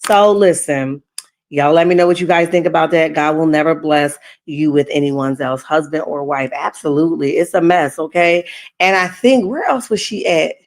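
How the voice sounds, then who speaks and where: A woman's voice: sits low, moderate pace. Emphatic woman streamer giving commentary. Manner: emphatic, tags lines with "okay?". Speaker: reaction stream host. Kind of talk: casual commentary. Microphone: streaming setup.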